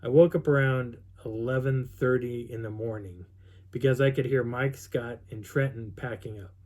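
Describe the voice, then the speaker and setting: A man's voice: medium pitch, moderate pace, a little mellow. A middle-aged man casually telling a long story as a vlogger, rambling with restarts and quoting what others said. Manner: rambling, with many restarts and quoted dialogue. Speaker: vlogger recounting an outdoor experience.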